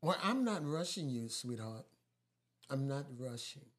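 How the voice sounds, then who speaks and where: A man's voice: medium pitch, big pitch swings, measured pace. A man giving marriage advice in a casual chat with his wife, laughing often, repeating himself and quoting scripture.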